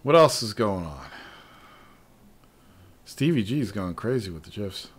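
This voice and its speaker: A man hosting a gaming podcast in casual chat, laid-back, often trailing off low and laughing. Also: very animated, unhurried, husky. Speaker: podcast host.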